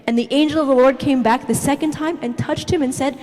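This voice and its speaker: A woman giving an animated, chatty sermon talk to young people, constantly checking "okay?". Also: high voice, brisk, in a large hall. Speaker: church youth speaker.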